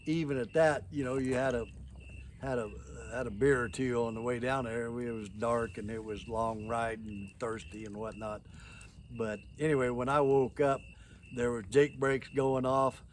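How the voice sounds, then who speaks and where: A man's voice: medium pitch, steady tone, moderate pace, slight background noise. An older man telling a story in a casual, rambling, folksy way, with frequent chuckles.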